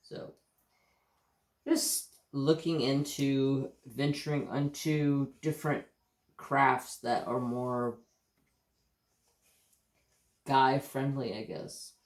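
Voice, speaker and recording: An American man chats casually on his livestream, drawling and unhurried. He swears freely and tells stories with hiccups breaking in. The room around him sounds echoey. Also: medium pitch, steady tone. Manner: rambling, profane, easygoing storytelling. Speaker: craft channel host.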